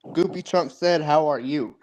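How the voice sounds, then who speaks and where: A man's voice: on the high side, moderate pace, darkish tone, dull audio. A man in a casual live chat, giving brief replies and reading out viewer comments.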